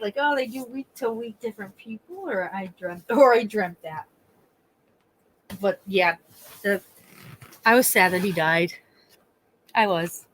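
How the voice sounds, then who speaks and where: A woman's voice: mid-range voice, fairly bright tone, a little hiss or hum, poor audio. A woman from Pennsylvania hosting a casual live stream, chatting with her viewers in a rambling way, swearing freely and often trailing off mid-thought. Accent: Northeastern Pennsylvania. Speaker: livestream host chatting with viewers.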